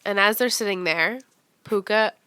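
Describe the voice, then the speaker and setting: A woman co-hosting a casual podcast, her bright voice recorded dry and close. She recaps the plot with wry, sarcastic asides. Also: mid-range voice, moderate pace, clean tone, no room sound. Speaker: podcast co-host. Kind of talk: casual rewatch chat.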